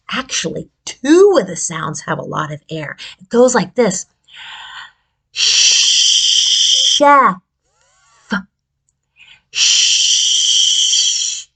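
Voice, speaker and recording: A woman's voice: medium pitch, a bit bright. A woman speech therapist giving a children's lesson on speech sounds with puppets, encouraging and exaggerated in her delivery. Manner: encouraging, sing-song and exaggerated. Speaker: speech-language pathologist.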